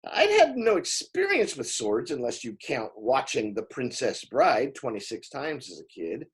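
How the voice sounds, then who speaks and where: A man reading a novel aloud in expressive first-person narration, with small slips along the way. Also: mid-range voice, measured pace, slightly rough. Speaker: audiobook reader.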